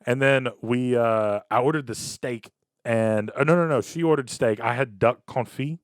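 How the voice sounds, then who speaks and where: A young adult man co-hosting a podcast, telling animated stories in casual chat, with lots of repeated words and stretched-out emphasis. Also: medium pitch, normal speed, no echo. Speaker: podcast co-host.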